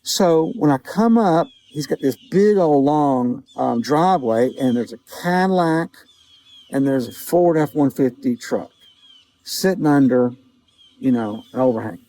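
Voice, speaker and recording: A man vlogging outdoors, telling a vivid personal story in a casual, halting way, with quoted dialogue. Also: mid-range voice, expressive, warm tone, no room sound, rough recording. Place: outdoors outside a small-town grocery store.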